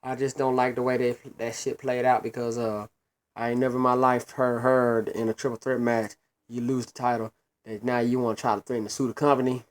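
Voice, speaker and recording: Man, mid-pitched, solo wrestling reviewer; blunt, profane, repetitive rant. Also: little pitch movement, fairly quick. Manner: blunt, profane, repeats words when worked up.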